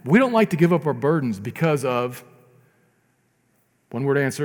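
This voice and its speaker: A male pastor preaching a sermon in a conversational way, swinging between quiet asides and loud emphatic stretches. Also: mid-range voice, big pitch swings, moderate pace, pauses often, big-room sound.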